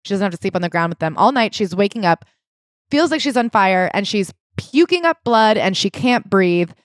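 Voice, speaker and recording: A woman co-hosting a casual book-club podcast, retelling a story in an animated way with quoted voices. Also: mid-range voice, moderate pace, no echo, studio quality. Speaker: podcast co-host.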